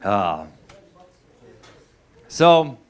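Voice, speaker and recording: A man's voice: fairly low pitch, sing-song, extremely slow, smooth. A young adult man doing a stand-up comedy set, telling stories in a loose, profane way with lots of fillers and restarts. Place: comedy stage with a live audience.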